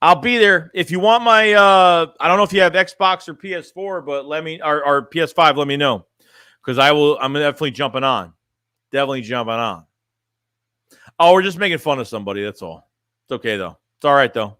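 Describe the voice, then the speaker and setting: Male sports streamer rambling live, lots of fillers, bright voice, dry sound. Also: a little high, brisk, clean tone, no echo. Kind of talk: casual live stream chat.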